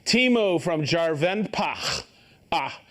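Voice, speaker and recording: A man's voice: a little high, big pitch swings, slow pace, sharp tone. A man hosting a live stream, upbeat and joking as he reads out viewers' names and hometowns and stumbles over some of them. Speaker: host of a live tool show.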